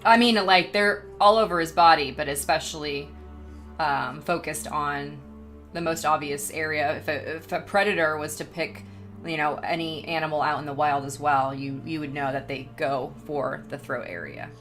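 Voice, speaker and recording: A woman narrating a tabletop horror game as game master, in a measured, descriptive way with frequent ums. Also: sits low, fairly even intonation, a bit bright, faint music behind.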